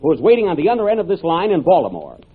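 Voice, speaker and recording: A man's voice: a little high, wildly swooping pitch, very fast, slightly rough, exaggerated voice. A man playing a pompous male inventor in 1930s radio comedy, theatrical and exasperated as his demonstration goes wrong. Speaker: host. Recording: tinny 1930s radio broadcast with hiss.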